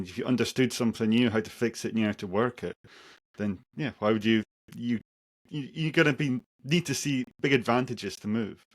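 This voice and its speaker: A man speaking as a podcast guest, with a dry, joking way of talking. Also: medium pitch. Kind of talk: casual conversation.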